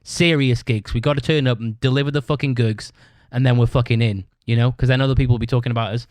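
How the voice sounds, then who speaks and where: His voice is mid-range, steady and darkish, and he talks fast in a dry recording. The man, a podcast host, delivers a rambling storytelling monologue, swearing all the time and finishing sentences with "right?".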